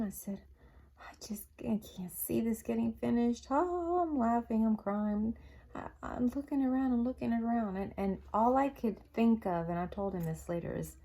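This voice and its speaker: A woman's voice: fairly low pitch, dark tone. A middle-aged woman giving a rambling personal testimony, telling a story with many restarts and fillers. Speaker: Christian video teacher.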